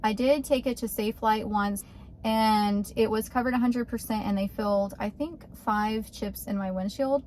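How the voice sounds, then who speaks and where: A woman's voice: mid-range voice, steady tone, moderate pace, a little mellow, slight background noise. A woman, vlogging casually and with exasperation outdoors beside her car. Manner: chatty, exasperated. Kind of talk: casual vlog.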